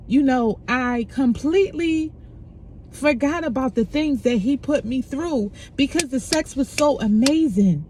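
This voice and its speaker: A woman's voice: high-pitched, mellow, a little hiss or hum. A middle-aged woman candidly sharing a painful personal story, frank and emotional, speaking casually with profanity.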